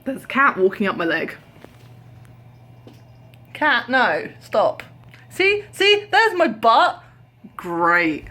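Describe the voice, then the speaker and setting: A woman's voice: a little high, very animated, takes it slowly, pauses often, pushed and bright. A tired young British woman chatting to her camera at home, telling stories animatedly, acting out voices and sometimes dropping to a whisper. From Britain. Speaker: vlogger. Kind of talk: casual chat. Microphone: camera held at arm's length.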